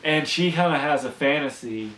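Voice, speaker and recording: Guy rambling thru an episode recap, slightly high voice, echoey room, kinda far from the mic. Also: normal speed, a crowd in the background. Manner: rambling, restarts a lot, acts out character quotes. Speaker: podcast co-host. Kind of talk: casual episode recap chat.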